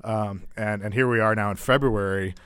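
A man's voice: on the low side, steady tone, moderate pace, fairly bright tone, clean tone, no echo, studio quality. A man from Arizona, telling a detailed personal story in a casual chat, earnest with a wry humor. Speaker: podcast co-host and guest storyteller.

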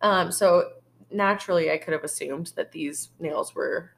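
A woman's voice: fairly low pitch, a little slow, creaky, a bit bright. A woman co-hosting a podcast, recapping a film in a rambling, casual way, full of "like" and the odd swear word. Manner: rambling storyteller, heavy on "like" and swearing. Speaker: podcast co-host.

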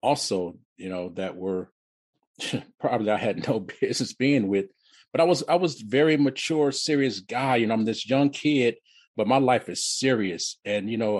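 Halting, low-voiced man from Detroit. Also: a little mellow, no echo. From Detroit, USA. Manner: halting, repeats and restarts words. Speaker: guest. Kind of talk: personal storytelling in an interview.

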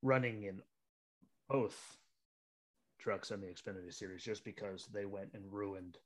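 A man hosting a podcast, chatting casually about racing, animated and acting out scenes with rhetorical asides. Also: fairly low pitch, measured pace. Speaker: podcast host.

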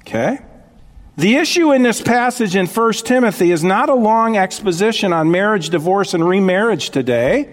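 A man's voice: sits high, animated, moderate pace, in a large hall. A male pastor preaching a sermon, stressing key phrases, repeating them and checking that listeners follow.

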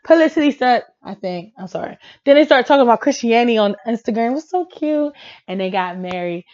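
A woman chatting casually about pop music and celebrity gossip, excitable, laughing often and breaking into song. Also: a little high, fairly quick, lo-fi sound. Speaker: pop culture vlogger.

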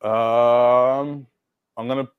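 A young adult man, a car detailer guest on a podcast, telling stories in a casual, animated way, swearing and acting out quotes. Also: medium pitch, very slow, smooth, no echo, narrow, tinny audio. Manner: animated storyteller, swears, acts out quotes loudly. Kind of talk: casual storytelling chat.

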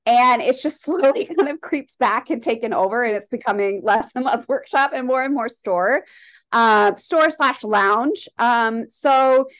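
A woman's voice: fairly high pitch, measured pace, a bit bright. A woman from Colorado, a shop owner and artist, talking candidly in a casual interview, rambling with lots of "like". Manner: rambling, heavy use of "like", candid.

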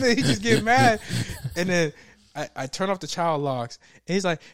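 A man co-hosting a casual chat, telling stories with loud laughing outbursts and mimicked voices. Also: high voice, lively intonation, normal speed. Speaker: podcast co-host.

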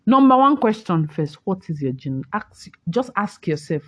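A woman's voice: medium pitch, very animated, normal speed, breathy edge, dry recording, lo-fi sound. A young woman hosting a casual morning talk show, chatty and teasing, explaining things to her listeners. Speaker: host.

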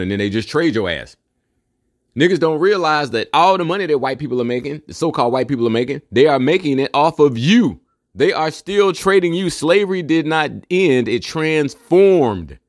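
A man's voice: mid-range voice, expressive, moderate pace, no room sound, studio quality. A man delivering a casual, profane monologue in a preachy, conspiratorial tone, with rhetorical questions and mocking asides.

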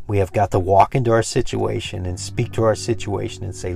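A man preaching an earnest sermon and leading a prayer, often repeating words and building to excited peaks. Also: deep voice, brisk, vocal fry, soft background music.

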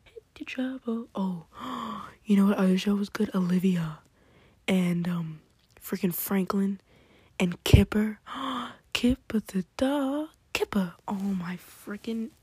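A woman chatting excitedly in a hushed, whispery late-night ramble at home, trying not to be heard. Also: mid-range voice, slow, pauses often, breathy edge, dry recording. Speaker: podcast host.

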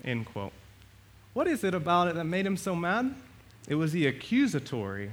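A male pastor preaching a sermon, animated, swinging between loud and soft and acting out the quotes. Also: a little high, moderate pace.

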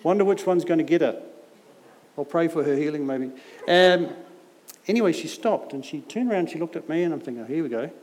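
Speaking a little high and at a fairly quick clip, this middle-aged man has a slightly mellow tone. He's a visiting preacher telling stories in a sermon, poking fun at himself along the way, and the large church hall adds a long echo.

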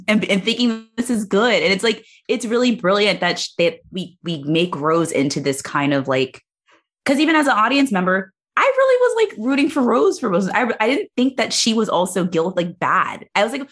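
A woman hosting a casual movie review podcast, talking with animated swings into playful impressions. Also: brisk. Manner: animated, slips into high-pitched impressions. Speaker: podcast host.

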